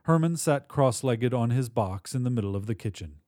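A man hosting a fiction podcast and reading a short story aloud in a measured, deliberate way. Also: mid-range voice, lively intonation, dark tone, dry recording, studio quality. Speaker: podcast host and narrator. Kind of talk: scripted story narration.

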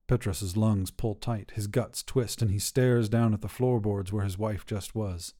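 A man narrating a short fiction podcast in a steady, scripted storytelling manner. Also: on the low side, measured pace.

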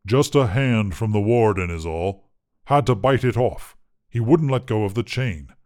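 A man voicing a huge, sheepish male dragon with a booming bass voice, mumbling guiltily. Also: expressive, measured pace, a little mellow.

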